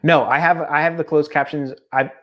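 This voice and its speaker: A middle-aged man co-hosting a podcast in casual chat, telling stories with lively tangents. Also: fairly high pitch, a little fast. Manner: animated storyteller, slips into mock accents. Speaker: podcast co-host.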